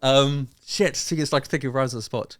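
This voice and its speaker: A man's voice: medium pitch, moderate pace, dry recording, studio quality. British man explaining step by step. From United Kingdom. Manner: explains step by step, thinks aloud, hesitant fillers. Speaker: guest rapper. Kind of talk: casual podcast chat.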